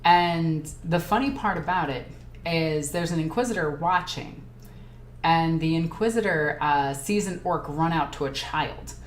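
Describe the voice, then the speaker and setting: A woman hosting a casual live Q&A stream. She reads viewer comments aloud and chats excitedly, jumping from topic to topic. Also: low voice, a little slow. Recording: echoey room with faint ambient noise.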